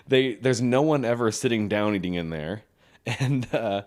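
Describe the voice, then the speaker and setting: A man's voice: medium pitch, moderate pace. A man from Hong Kong co-hosting a casual podcast, a bit tipsy, who tells stories with jokes and does voices. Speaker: podcast co-host. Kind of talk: casual chat.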